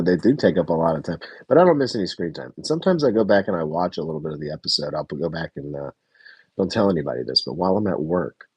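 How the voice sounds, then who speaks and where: Rumbling low with vocal fry and a husky edge, this American man chats casually in reaction to a reality TV episode, recorded without room sound. He wanders in his talk, catches and fixes his own words, chuckles, and lets the occasional swear slip.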